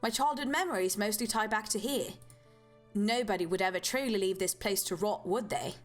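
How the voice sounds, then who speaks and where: A woman streamer voices a poised noblewoman with courteous, wry manners. Her speech is formal and composed at a middling pitch. Game music hums quietly behind. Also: fairly quick, close to an everyday voice.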